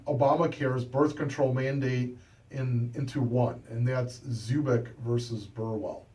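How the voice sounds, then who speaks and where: Male radio talk host, mid pitch, sarcastic and jokey, off-mic a little. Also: fairly even intonation, measured pace, mellow, distant mic, poor audio. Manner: sarcastic, jokey, reads from an article. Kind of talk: casual political talk chat. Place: radio studio.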